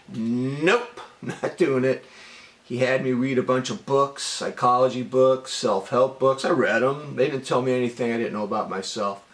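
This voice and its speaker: Middle-aged man, casual storytelling monologue, animated delivery, mid pitch, reverberant room. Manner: animated, conversational, says "man" often.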